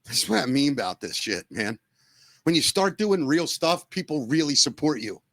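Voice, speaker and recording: A man co-hosts a podcast in loose, emotional chat, swearing as he goes. His voice sits a little high and sounds bright and forceful. The sound is close and dry, with almost no room echo. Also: very animated, moderate pace. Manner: emotional, heartfelt, swears freely. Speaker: podcast co-host. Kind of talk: casual chat.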